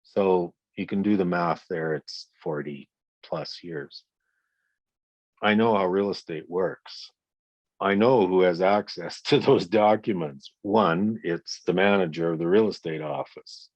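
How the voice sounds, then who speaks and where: A man's voice: low-pitched, measured pace, no room sound, muffled recording. A man in his sixties being interviewed, who tells his story bluntly and emphatically and swears often. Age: 60s. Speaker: guest, victim's father. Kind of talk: interview conversation.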